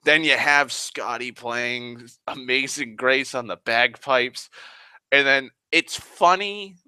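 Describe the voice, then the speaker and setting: Man, casual live-stream rambling, excitable, profane, very bright edgy tone, dry sound. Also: medium pitch, clean tone, no echo. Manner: excitable, profane, sighs often.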